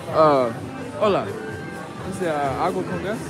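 A drunk man streams live from a city street at night, swearing and ranting at his chat. His voice sits in a middle pitch. Loud music plays behind him. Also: lively intonation, moderate pace, a crowd in the background. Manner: profane, ranting, slurring from drink. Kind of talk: casual live-stream rant.

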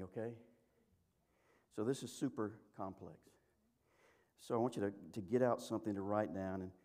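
A man's voice: fairly low pitch, mellow. Folksy, joking male preacher. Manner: folksy, humorous storytelling with many restarts. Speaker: pastor. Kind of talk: sermon.

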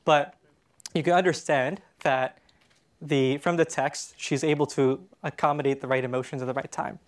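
A man's voice: on the high side, steady tone, moderate pace. Chatty Canadian man giving a conference talk. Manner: casual, chatty, with frequent fillers and restarts. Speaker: conference speaker. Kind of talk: conference presentation. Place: conference stage in a hall.

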